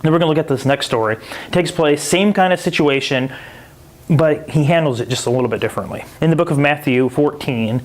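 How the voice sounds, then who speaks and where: A man hosting a podcast, giving a casual Bible teaching in a loose, conversational way and acting out the people in the stories. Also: brisk. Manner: animated storytelling, acting out quoted voices in a jumpy high pitch; loose and conversational, with many 'like' and 'kinda'. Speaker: podcast host.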